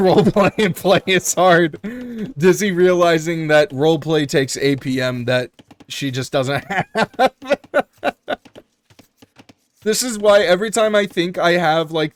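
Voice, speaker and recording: A man casting a strategy game tournament live on stream, chatty and joking with quick asides. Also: a little high.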